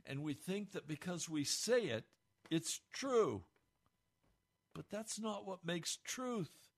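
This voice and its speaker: Male pastor, blunt earnest sermon delivery, slightly higher-pitched voice. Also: expressive, slow pace.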